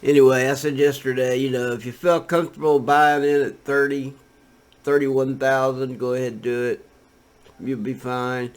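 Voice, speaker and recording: A man with a voice of ordinary middle pitch talks through price charts in a loose, offhand way. He rambles, restarts and leans on fillers as he goes. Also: level tone, moderate pace, clean tone. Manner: rambling, laid-back, many fillers. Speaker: crypto trading commentator. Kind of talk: casual screen-share commentary.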